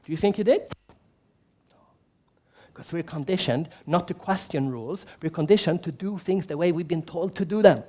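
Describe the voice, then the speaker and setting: A man with a fairly high voice gives a keynote speech in a large conference hall. He tells stories with energy, puts questions to the audience and acts out what people said. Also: normal speed, pauses often. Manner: animated storyteller, asks the audience questions, acts out quotes. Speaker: keynote speaker.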